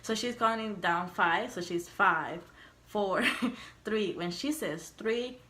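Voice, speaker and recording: A woman's voice: medium pitch, slow. A young woman vlogger casually telling a personal story, laughing often, swearing freely and acting out what people said. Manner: animated, laughing, swearing, acts out quotes.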